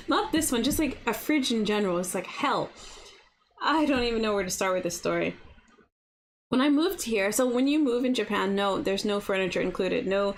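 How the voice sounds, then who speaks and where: A woman's voice: on the high side, expressive, normal speed, slight background noise. A young woman hosting a casual breakfast livestream from her apartment. She chats freely, fills her talk with "like", and answers viewers' comments as they come in. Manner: chatty, lots of "like" fillers, reads and answers comments. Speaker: livestream host. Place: home apartment.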